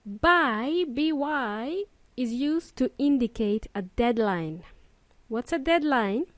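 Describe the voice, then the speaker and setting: A woman's voice: on the high side, lively intonation, slow, no room sound. A woman hosting a casual lesson podcast, playful and upbeat, joking between explanations. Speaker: English teacher and podcast host.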